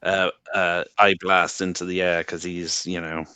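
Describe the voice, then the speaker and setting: Slow, deep-voiced man from England. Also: little pitch movement, bright, forceful tone, clean tone, no echo. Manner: unhurried, halting with many fillers. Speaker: podcast co-host. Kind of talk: casual chat.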